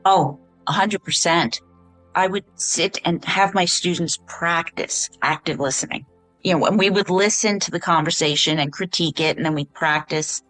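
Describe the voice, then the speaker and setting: A middle-aged woman hosts a podcast interview in a lowish voice, chatty and enthusiastic. Her voice is recorded dry and close on a podcast mic, with faint music underneath. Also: normal speed, fairly bright tone, no room sound. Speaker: podcast host.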